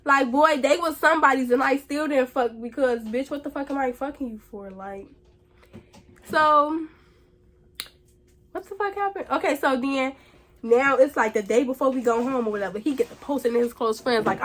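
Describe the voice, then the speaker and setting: A young woman vlogger telling a story in a casual, blunt, profane way, animated and slangy. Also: sits high, normal speed.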